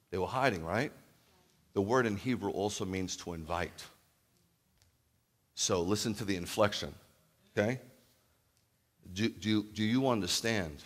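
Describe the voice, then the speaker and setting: A man preaching a sermon as a rabbi, animated, acting out loud calls and then dropping to a hushed voice. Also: fairly low pitch. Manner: animated, acts out calls and shouts, then drops to near-whisper. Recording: long hall reverb.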